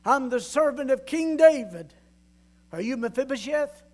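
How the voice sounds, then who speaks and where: An earnest male servant of a king, direct and reassuring, as a preacher voices him in a story. His voice is high for a man and close to an everyday speaking voice. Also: animated, a little slow, a little mellow.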